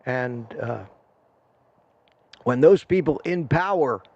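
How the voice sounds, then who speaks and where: A man's voice: medium pitch, expressive, slow, a little mellow, no room sound. An older man hosting a live stream, rambling and ranting in a self-deprecating way and thanking his viewers by name. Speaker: livestream host. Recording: dull lo-fi stream audio.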